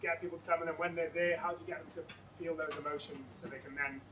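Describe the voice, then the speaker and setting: Higher-voiced male moderator, far off. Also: steady tone, fast talker, pushed and bright. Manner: casual, searching for words while asking questions. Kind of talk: panel discussion. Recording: far-off mic with faint noise.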